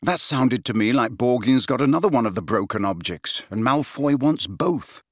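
A man's voice: mid-range voice, lively intonation, normal speed, no echo, clean studio sound, natural voice. A man voicing a stubborn teenage boy insisting on his suspicions. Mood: insistent.

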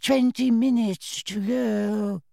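A man voicing a fussy, soft-spoken elderly male wizard examiner in an audiobook. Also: very high-pitched, steady tone, slow, creaky, no echo, voice pushed up, exaggerated voice. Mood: mild. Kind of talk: audiobook character voice.

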